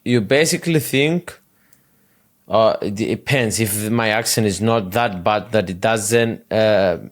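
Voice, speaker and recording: Man, non-native English accent, podcast host, hesitant questions, low voice, very slow. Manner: hesitant, many "uh" fillers. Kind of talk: interview questions.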